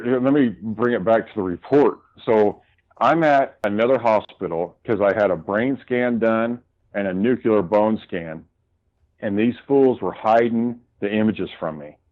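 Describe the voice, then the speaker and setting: In a fairly low voice, a male guest tells casual stories about clashing with doctors, heated and profane as he retells the arguments. The recording has its highs cut off.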